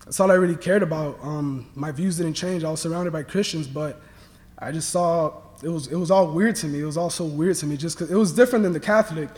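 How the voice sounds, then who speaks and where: A young man from Miami giving an earnest personal faith testimony, halting with many restarts. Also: a little high, long reverb tail. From Miami, Florida. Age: young adult. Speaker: student athlete sharing testimony.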